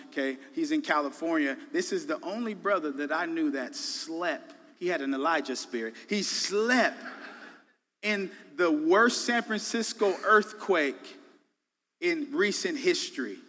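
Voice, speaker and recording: Guest preacher, man, high bright voice, emphatic with slangy asides, church hall reverb. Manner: emphatic, swinging between loud bursts and quiet drops, casual slang. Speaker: guest pastor. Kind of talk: sermon. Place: church sanctuary.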